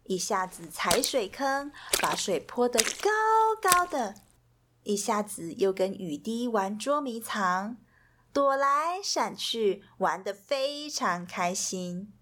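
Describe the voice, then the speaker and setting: A woman reading a children's storybook aloud with an expressive, soothing delivery. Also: mid-range voice, takes it slowly, a little hiss or hum. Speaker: storybook reader.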